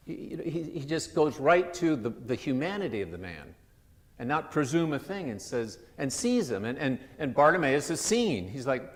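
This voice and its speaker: A man's voice: a little high, very animated, moderate pace. A male pastor giving a sermon in a conversational, loose way, often restarting his sentences. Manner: conversational, with frequent restarts and asides. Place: church sanctuary. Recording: long church reverb.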